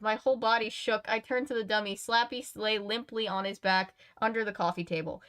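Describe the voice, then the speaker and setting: A woman's voice: medium pitch, fairly even intonation, brisk, hardly any pauses, a bit bright. A woman streamer reading a children's horror book aloud, chatting casually with her viewers between passages. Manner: chatty, uses many fillers. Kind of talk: read-aloud narration with casual chat.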